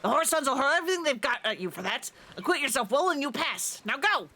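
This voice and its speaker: A woman reading out a gruff, scornful woman drill sergeant from a video game, barking orders. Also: high voice, big pitch swings, quick pace, background noise.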